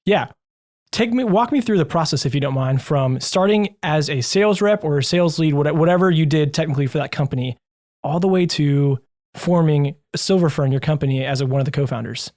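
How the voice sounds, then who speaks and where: An upbeat male podcast host with a slightly higher voice. He asks questions in a casual, enthusiastic, joking way. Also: fairly quick, a little mellow.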